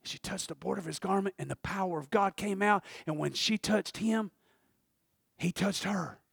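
A male preacher giving a lively sermon, laughing often and swinging from hushed tones to shouting. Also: high-pitched, normal speed, vocal fry, husky, dry recording, studio quality.

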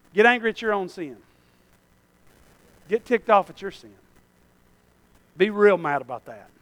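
Man, pastor, sermon, high-pitched, dry recording, loud then hushed. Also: no room sound. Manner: swings between loud shouting and low asides, chatty with the congregation.

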